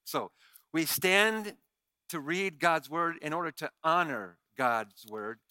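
A man preaching a sermon as pastor, reading scripture in an animated, emphatic way. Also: a little high, takes it slowly, smooth, dry recording.

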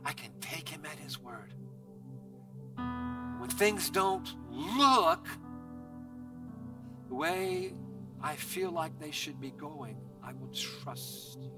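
A man's voice: on the high side, huge pitch swings, takes it slowly, gravelly, long pauses, distant mic. A man pastor leading an earnest closing prayer in a church, pleading and repeating phrases as he speaks to the congregation. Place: church sanctuary. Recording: music playing behind, from off the mic.

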